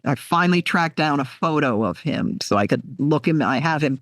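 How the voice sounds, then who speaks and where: Author lady in her 60s, heartfelt storyteller, lively voice, dry sound. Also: deep voice, normal speed, no echo. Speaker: author guest. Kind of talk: conversational interview.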